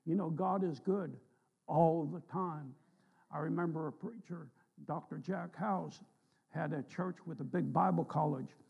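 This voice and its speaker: A male pastor delivers a folksy sermon in a church, his voice gravelly with a husky edge. The recording is dull and lo-fi, and it sounds like a church service. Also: a little high, a little slow. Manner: folksy storytelling preacher, rising emphatic on scripture. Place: church sanctuary.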